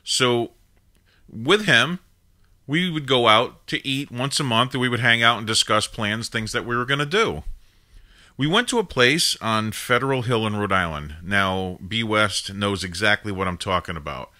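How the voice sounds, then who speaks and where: Animated, forceful man in his fifties telling a story. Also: on the low side, normal speed. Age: 50s. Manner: rambling, digressive, with frequent "now" and "you know" asides. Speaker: host of a live call-in show. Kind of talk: casual anecdotal storytelling.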